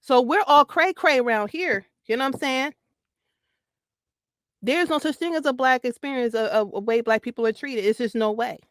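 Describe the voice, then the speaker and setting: A woman talks through her views as a guest on a talk show, pressing each point by saying it again and breaking into easy laughter. Her voice sits a little high. The sound is dry and close, with no room around it. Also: normal speed, a bit bright, no room sound. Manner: emphatic, repeats points, laughs easily. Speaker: podcast guest. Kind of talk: casual commentary chat.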